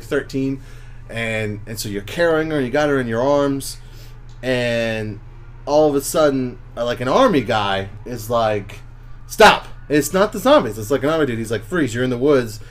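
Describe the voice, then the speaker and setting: A man co-hosting a casual podcast chat, telling stories excitedly with lots of fillers and restarts. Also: medium pitch. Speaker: podcast co-host.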